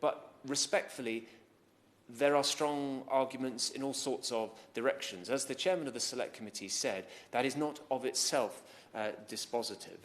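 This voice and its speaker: Measured man giving a formal speech. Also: medium pitch. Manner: measured, courteous, formal with occasional restarts. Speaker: government minister answering a debate.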